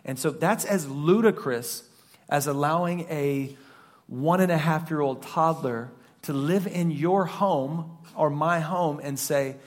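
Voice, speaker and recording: A middle-aged man preaching a sermon as a pastor, telling family stories with loud animated bursts and quiet mock voices. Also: fairly high pitch, takes it slowly.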